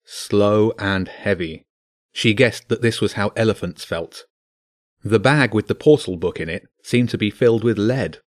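A man's voice: lowish voice, unhurried, dry recording, clean studio sound. A man narrating a children's fantasy book, voicing each character. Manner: expressive, voices each character.

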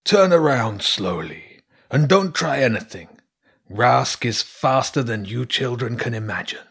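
A man voicing a grey male wolf villain in a storybook, speaking slowly and coldly. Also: mid-range voice, expressive, creaky, fairly bright tone, breathy edge, exaggerated voice. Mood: menacing. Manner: slow, cold and threatening.

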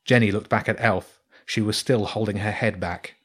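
A man reading a children's storybook aloud in a steady, measured way. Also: fairly low pitch, slightly rough. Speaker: narrator.

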